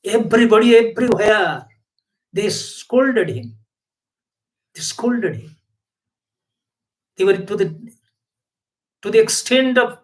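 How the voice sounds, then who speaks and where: A man's voice: high voice, poor audio. A man giving a spiritual sermon, emphatic and repetitive, with rhetorical questions. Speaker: spiritual teacher.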